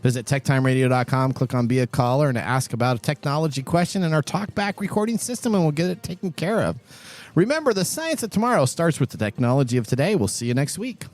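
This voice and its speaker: A man hosting a tech podcast, chatting casually, animated, laughing often. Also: a little high, fast, soft background music. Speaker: podcast host. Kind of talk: casual chat.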